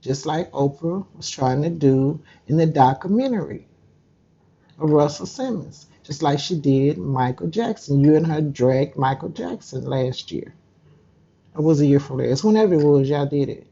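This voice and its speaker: Husky-voiced woman in an indignant vlog rant. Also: deep voice, expressive, normal speed, warm tone. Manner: indignant, talks straight at her target. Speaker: YouTuber. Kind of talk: ranting vlog commentary. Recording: dull lo-fi sound.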